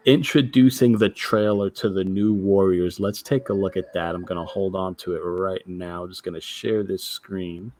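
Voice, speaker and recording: A man's voice: low voice, fairly even intonation, normal speed, few pauses, darkish tone, no room sound. A man co-hosting a casual comics chat, talking with mock enthusiasm and heavy sarcasm. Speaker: co-host, comic creator.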